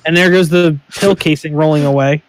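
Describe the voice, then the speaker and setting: A high-pitched male voice, chatting as a teammate while playing a game. He laughs often and reaches for mild, clean exclamations instead of swearing. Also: steady tone, fairly quick, no room sound. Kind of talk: casual gameplay chat.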